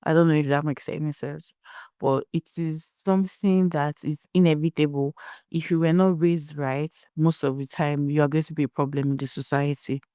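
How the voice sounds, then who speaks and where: A woman's voice: low-pitched, fairly even intonation, normal speed, warm tone, no echo, clean studio sound. A young Nigerian woman hosting a solo podcast, giving blunt opinions and telling stories in a conversational way. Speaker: podcast host.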